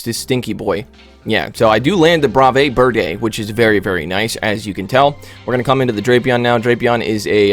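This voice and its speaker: A man casually commentating on his online game battles, joking and rambling with silly asides. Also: mid-range voice.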